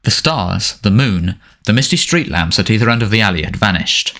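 A man narrating a storybook in an expressive, dramatic reading style. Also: fairly low pitch, normal speed, a little hiss or hum. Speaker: audiobook narrator.

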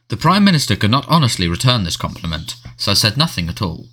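A man narrating a storybook in a measured, expressive reading. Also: on the low side. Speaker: audiobook narrator.

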